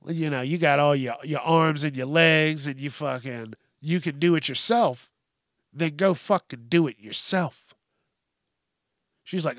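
A man's voice: fairly high pitch, measured pace, a bit bright, no echo, studio quality. A man hosting a podcast, ranting with heated, sweary sarcasm. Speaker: podcast host. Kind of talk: profane comedic rant.

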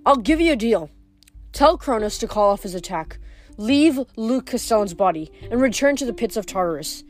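A woman's voice: fairly high pitch, lively intonation, normal speed, faint music behind, close to an everyday voice. A woman reading aloud, voicing a defiant teenage boy hero who speaks firmly.

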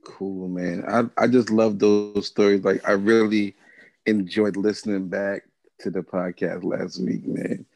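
A man co-hosting a podcast in casual chat, playful and quick to laugh. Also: fairly low pitch, steady tone, a little mellow, dry recording, soft background music. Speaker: podcast co-host.

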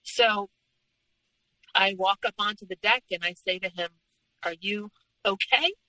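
A young adult woman recounts her own story as a podcast guest, earnest and steady, often in the present tense. Her voice is bright and forceful. The recording is close and dry, with no room sound. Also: medium pitch, a little slow, dry recording, low-quality recording. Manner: earnest, retelling past events in present tense. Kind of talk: personal story told in conversation.

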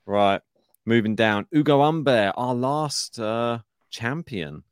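A man's voice: mid-range voice, lively intonation, slow pace, clear, resonant tone, dry recording, clean studio sound. A man co-hosting a tennis podcast, chatting casually through his bracket picks, laughing often and thinking aloud. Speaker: podcast co-host. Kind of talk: casual tennis draw chat.

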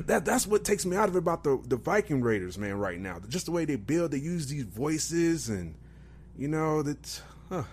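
Lively man mimicking wrestlers' voices. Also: fairly high pitch, moderate pace, a little hiss or hum. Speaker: podcast co-host. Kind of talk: casual wrestling chat.

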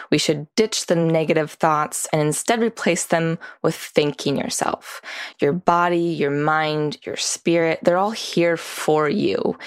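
An earnest woman guest speaks in an unhurried way on a podcast. Her voice is very low, and the recording is dry and close with no room sound. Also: no echo. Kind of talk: conversational interview.

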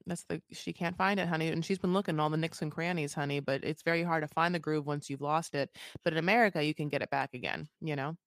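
A woman's voice: low voice, fast talker, hardly any pauses, dry recording, clean studio sound. Gossipy, crude podcast woman. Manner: animated, gossipy, crude joking, acts out quotes. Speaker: podcast co-host. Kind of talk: casual recap chat.

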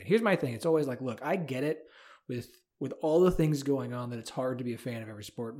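A man hosting a college sports podcast, talking enthusiastically in a loose, rambling way with fillers. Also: medium pitch. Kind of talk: casual sports talk.

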